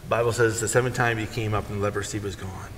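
Male pastor, bright higher voice, lively storytelling sermon, long hall reverb. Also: quick pace, slight background noise. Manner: animated storytelling, acting out characters in paraphrase.

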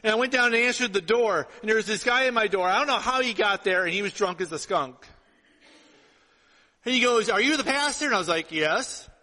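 Middle-aged male pastor, high bright voice, storytelling sermon, reverberant sanctuary. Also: a little fast. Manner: storytelling, animated with acted-out dialogue. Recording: long reverb of a hall.

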